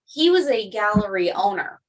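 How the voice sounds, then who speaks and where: A woman's voice: mid-range voice, big pitch swings, moderate pace, recorded from a distance, slight background noise, low-quality recording. A woman hosting a podcast, chatting casually and telling stories with a laugh now and then. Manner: chatty storyteller, laughs often. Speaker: podcast host. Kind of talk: casual chat.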